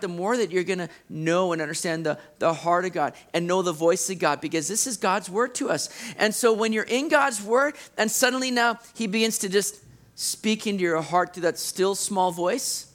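A man with a high voice preaches a sermon. He talks in an animated way and acts out the people he quotes. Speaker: pastor.

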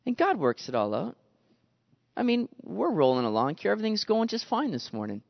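A man preaching a sermon in an animated way, acting out the voices he quotes. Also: sits high, brisk, gravelly. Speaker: pastor. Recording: dull lo-fi sound with long reverb.

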